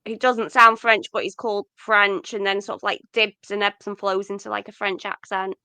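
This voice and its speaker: A woman's voice: medium pitch, level tone, moderate pace, bright, forceful tone, clear, resonant tone, dry recording. A woman co-hosting a podcast, chatting casually about a film with lots of fillers. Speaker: podcast co-host.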